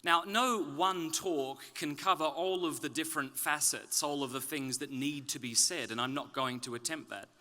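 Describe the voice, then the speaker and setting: A man from Australia with a softened Australian accent gives a public talk at a conference, with wry, self-deprecating humor. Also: a little high, moderate pace, hardly any pauses. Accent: Australian, softened toward British. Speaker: conference speaker. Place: conference stage.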